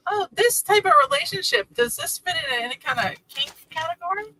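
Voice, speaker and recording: A woman's voice: extremely high pitch, animated, a little fast, pushed and bright, no room sound, rough recording. A woman co-hosting a casual comedic chat, tossing in playful, giggly asides. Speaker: co-host.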